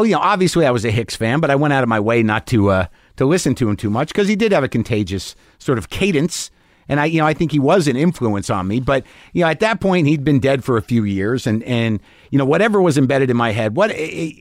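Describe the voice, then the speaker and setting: Animated, profane man telling a story. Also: mid-range voice, dry recording, studio quality. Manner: animated, profane, emotional, acts out his own past lines. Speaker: comedian. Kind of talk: storytelling in conversation.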